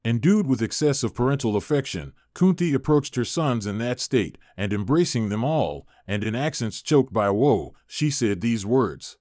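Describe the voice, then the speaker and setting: A man reading an ancient epic aloud as an audiobook narrator, in a measured, even manner. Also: medium pitch, no room sound, clean studio sound.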